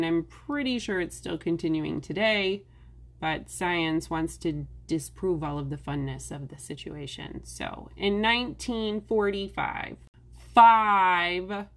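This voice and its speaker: A young adult woman hosting a solo podcast, talking casually with sarcastic asides. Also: lowish voice. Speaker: podcast host.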